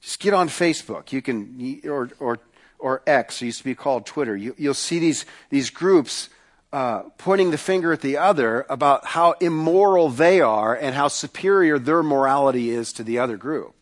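A male pastor preaching a sermon, emphatic, repeating phrases and slowing down to stress points. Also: medium pitch, expressive.

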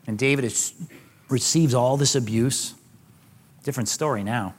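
Man, pastor, sermon, casual storytelling, slightly high voice, long reverb. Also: moderate pace, a bit bright. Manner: conversational storytelling with casual slang.

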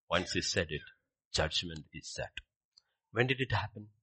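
A man's voice: sits low, expressive, measured pace, pauses often, pushed and bright, husky. A man preaching a sermon in a dramatic way, acting out scripture scenes as he goes.

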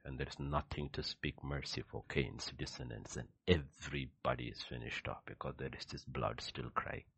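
A man preaching a sermon with emphatic rhetorical questions, swinging between loud declarations and hushed asides. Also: a bass voice, vocal fry, husky, dry recording.

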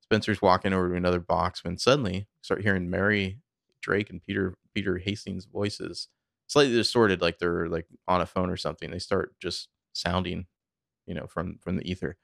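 A man with a very low, gravelly voice recaps a TV episode for a podcast. He narrates the scenes casually, full of fillers. The sound is dry and close. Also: a little fast, dry recording. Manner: conversational, filler-heavy, animated storytelling. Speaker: podcast co-host.

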